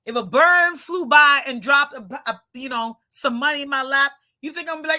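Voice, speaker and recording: A woman with a high, bright voice chats casually with her viewers. She is brash and joking, laughs often and keeps coming back to the word "shoot". Her delivery is loud and animated. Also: brisk, hardly any pauses. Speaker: channel host.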